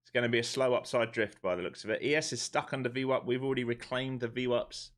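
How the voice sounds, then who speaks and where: A man's voice: mid-range voice, fairly even intonation, fast talker. A man with a London accent chatting casually on a live stream while giving blunt, laid-back market commentary. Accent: London English. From London, England. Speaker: live-streaming day trader.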